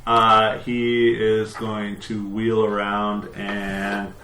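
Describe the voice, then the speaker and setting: A man running a tabletop game as game master, making casual, relaxed rulings with fillers. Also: lowish voice, very slow. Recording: echoey room with faint noise.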